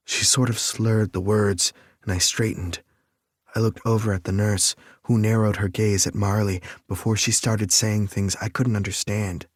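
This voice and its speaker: Low-voiced male audiobook narrator, dry sound. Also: steady tone, moderate pace, dry recording. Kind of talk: first-person scripted narration.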